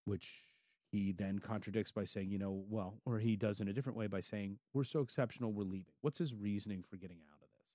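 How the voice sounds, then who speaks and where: Mellow low-voiced man, animated banter. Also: a little fast, no echo, studio quality. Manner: animated and jokey, rising in pitch on emphatic points. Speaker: podcast co-host, campaign worker. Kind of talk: casual political chat.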